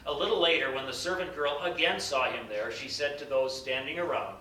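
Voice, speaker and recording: A man reads scripture aloud at a measured, solemn pace. His voice is bright and clear, ringing through a roomy, echoing space. He sounds set back from the mic, with a faint rumble behind him. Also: far from the mic. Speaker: scripture reader.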